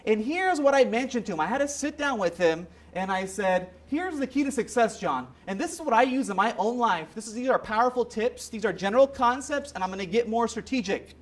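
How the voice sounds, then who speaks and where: A man giving a motivational seminar talk, telling stories in an animated way. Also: extremely high pitch, a little fast, few pauses. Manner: animated storytelling with acted quotes. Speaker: motivational speaker.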